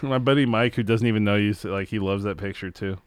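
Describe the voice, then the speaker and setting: Give me a young male podcast host, lowish voice, dry close sound, talking loosely. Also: fast talker, smooth, dry recording. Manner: rambling, restarts often, joking. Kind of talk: casual podcast chat.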